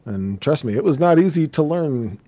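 A man co-hosting a podcast, chatting in a relaxed, easy way and laughing easily. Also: on the high side, normal speed. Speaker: podcast co-host. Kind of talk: casual podcast chat.

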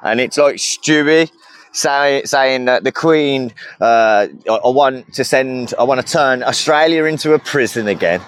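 A man's voice: mid-range voice, a little slow, clean tone, no room sound. A man with an English accent, chatting casually and slangily as a caller on a livestream. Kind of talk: casual chat.

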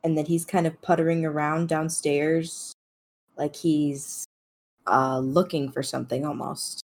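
Low slow gravelly woman game master. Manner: slow, relaxed narration. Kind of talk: narrating a tabletop game.

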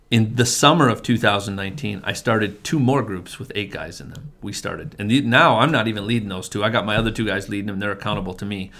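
A man's voice: fairly low pitch, fairly bright tone. A middle-aged man, a family pastor, earnestly telling his testimony in casual conversation, often restarting and repeating words. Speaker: family pastor, men's group leader.

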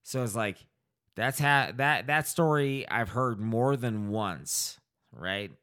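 A man's voice: mid-range voice, takes it slowly. A man co-hosting a casual podcast chat, swearing freely and acting out little scenes as he tells stories. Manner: profane, animated storytelling with acted-out voices.

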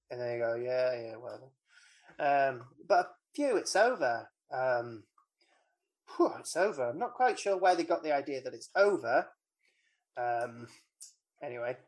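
Podcast co-host, casual recap chat, wry, rambling, lots of ums. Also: mid-range voice.

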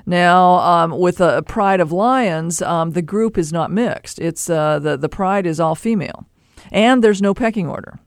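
A man hosting a call-in advice show, explaining pet behavior in an animated way with playful asides. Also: high-pitched, a little slow, clear, resonant tone, no room sound, clean studio sound. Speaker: pet behavior expert host.

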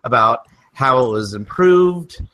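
Bright-voiced easygoing male host. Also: medium pitch, expressive, takes it slowly, poor audio. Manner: easygoing, steers the talk along. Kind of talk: casual podcast chat.

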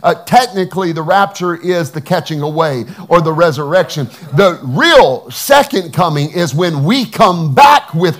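A male pastor with a fairly high voice delivers a sermon into a microphone in a church. He teaches steadily, then climbs to loud, ringing proclamations. He keeps drawing replies from the congregation. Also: a little slow, few pauses. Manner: preaching that builds from calm teaching to shouted proclamation, with call-and-response.

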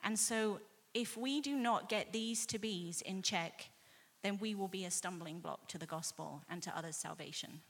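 A woman sharing her personal Bible study reflection in an earnest, measured way. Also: medium pitch, fairly bright tone. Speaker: class member sharing a study.

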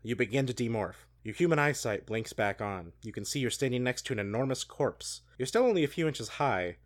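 A man co-hosting a show, reading a gamebook aloud with hushed dramatic delivery and laughing asides. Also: mid-range voice, animated. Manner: hushed and slow when reading, then swearing and laughing in asides. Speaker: podcast co-host reading a book aloud. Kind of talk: dramatic read-aloud with banter.

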